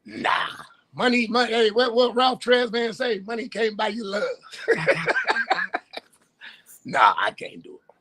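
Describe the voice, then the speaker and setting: High, lively man laughing through sports banter. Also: unhurried, long pauses. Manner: laughing, storytelling, loud bursts. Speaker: co-host. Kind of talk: casual sports talk. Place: livestream call.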